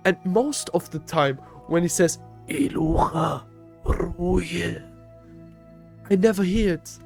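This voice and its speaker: A young man vlogging a casual story in slangy, playful talk, speaking low and close to a desk mic in his bedroom. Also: normal speed, darkish tone, soft background music. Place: shared bedroom at home. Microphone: desk microphone up close.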